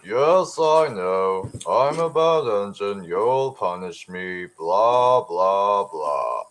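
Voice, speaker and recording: A man's voice: high-pitched, very animated, measured pace, a bit bright, pitched above the performer's own voice, exaggerated voice. A man voicing a grumpy, sneering male diesel engine in a storybook reading, sarcastic and snarling.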